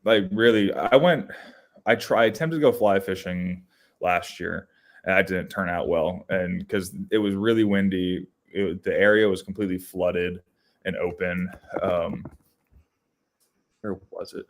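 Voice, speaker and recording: Low-voiced young man telling rambling stories. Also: a little slow. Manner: rambling, animated storytelling with many restarts. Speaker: podcast co-host. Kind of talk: casual storytelling chat.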